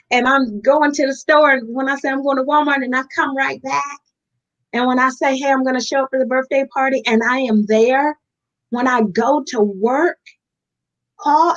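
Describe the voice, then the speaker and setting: A woman's voice: sits high, muffled recording. A woman, speaking earnestly and from the heart as an interview guest. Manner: earnest, heartfelt, addresses listeners as y'all. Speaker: guest in recovery. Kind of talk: candid interview talk.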